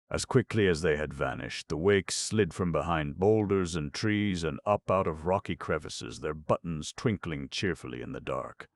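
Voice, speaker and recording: A man narrating a children's fantasy audiobook in a steady storytelling manner. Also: rumbling low, moderate pace, hardly any pauses, no echo, studio quality. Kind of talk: scripted narration.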